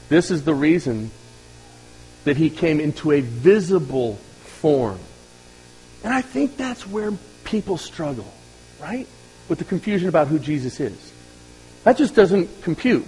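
A pastor giving a sermon, moving between loud emphatic peaks and quiet, intimate asides. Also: male voice, high voice, breathy edge, poor audio.

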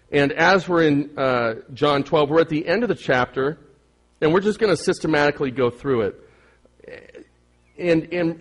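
A middle-aged man preaching a sermon as pastor, earnest and emphatic, often repeating phrases for weight. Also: on the high side.

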